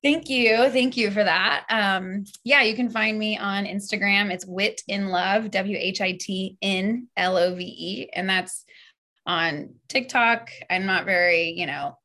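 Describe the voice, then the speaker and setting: A woman's voice: medium pitch, unhurried. A young woman, a singer-songwriter guest, chatting openly and laughing often in a casual interview. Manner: open, animated, laughs often.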